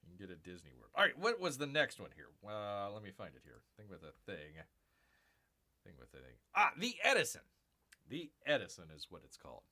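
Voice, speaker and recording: A man's voice: on the low side, huge pitch swings, a little fast, bright, forceful tone. A man hosting a casual live stream, rambling chattily to his viewers and calling himself Bear. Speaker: livestream host.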